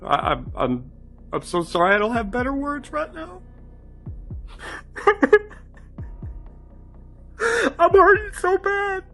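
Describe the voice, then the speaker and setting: Gravelly man stammering into a phone. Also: very high voice, big pitch swings, a little slow, a bit bright, faint music behind. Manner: rambling, stammering, repeats words. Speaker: man recording a video message. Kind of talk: rambling self-recorded video message. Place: at home. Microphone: phone camera.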